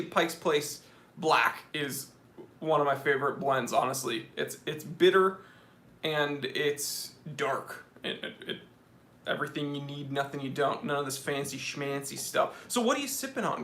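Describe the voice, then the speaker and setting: A man's voice: fairly high pitch, unhurried, pushed and bright. A man hosting a casual live stream Q&A, chatting and joking while reading out viewer comments. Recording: echoey room.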